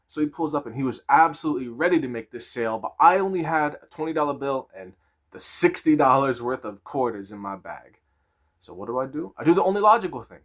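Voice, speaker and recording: A man in his twenties telling a casual storytime with crude slang, animated and laughing. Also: medium pitch.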